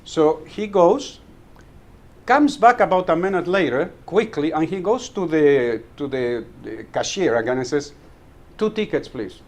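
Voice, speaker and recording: Chuckling man telling anecdotes, fairly high voice. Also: lively intonation, measured pace. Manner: storyteller acting out dialogue, chuckling at his own jokes. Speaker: club member giving a talk. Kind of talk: humorous club speech telling anecdotes. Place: meeting room.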